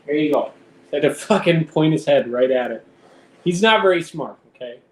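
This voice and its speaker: A man's voice: a little high, animated, normal speed. A man live streaming from home in casual chat, teasing and talking to his cat. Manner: teasing, talks baby-talk to his cat. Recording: echoey room, faint background noise.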